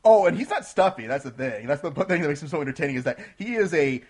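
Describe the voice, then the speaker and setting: An excitable man chatting casually about movies, his voice a little husky and on the high side. His pitch swings widely as he gets worked up. He laughs often as he talks. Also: fast talker. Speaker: podcast co-host reviewing films. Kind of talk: casual chat.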